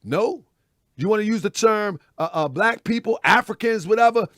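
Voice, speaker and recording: A man's voice: high-pitched, lively intonation, normal speed, a bit bright, no echo, studio quality. A man hosting a live online commentary show, preaching in a repetitive way, calling his viewers family and often asking if they follow him. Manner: preachy, repeats phrases, asks "you know what I mean?". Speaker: host.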